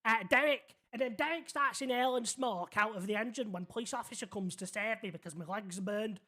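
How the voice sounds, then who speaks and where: The voice is mid-range, a little fast, pushed and bright. A streamer plays a naive, rambling young man in a city roleplay game, earnestly telling a long story in character and making sure the listener is with him.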